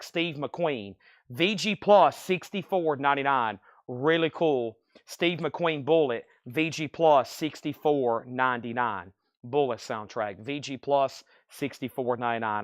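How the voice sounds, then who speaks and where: A man with a fairly high, slightly bright voice sells records on a live stream, chatting easily through prices, conditions and thanks to buyers. The studio sound is clean, with no room echo.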